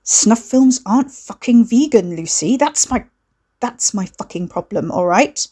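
A woman's voice: a little high, expressive, measured pace, dark tone, breathy edge, voice pushed up. A woman voicing an exasperated young man who stumbles and swears when cornered.

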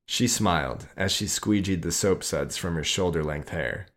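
A man reading his own adult short story aloud in a slow, measured way. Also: low voice, a bit bright.

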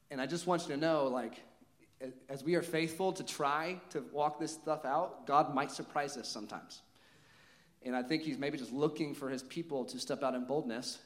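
Young man preaching with animated testimony. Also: mid-range voice. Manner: animated storytelling, laughs often, many "like" fillers. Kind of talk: sermon with personal testimony.

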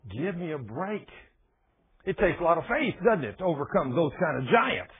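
A man preaching a sermon in a folksy, animated storytelling manner. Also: on the high side, moderate pace, breathy edge. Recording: tinny phone-like radio broadcast.

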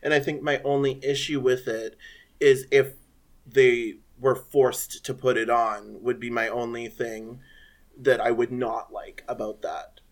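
A man with a mid-range voice talks loosely in a relaxed group discussion. His tone is easygoing, and he laughs often as he makes his points. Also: medium pitch, unhurried. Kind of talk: casual discussion.

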